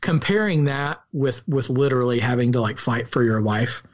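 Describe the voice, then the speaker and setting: A man with a Southern US accent, co-hosting a podcast and discussing a film in an earnest, halting way with many restarts. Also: mid-range voice, lo-fi sound. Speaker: podcast co-host.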